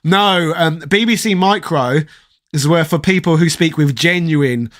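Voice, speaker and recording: A man's voice: fairly high pitch, a little slow, fairly bright tone. A man of around forty, from southeast London, hosting a casual livestream in a put-on posh English accent, reading chat and giving opinions with plenty of swearing. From southeast London, England. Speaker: host reading live chat.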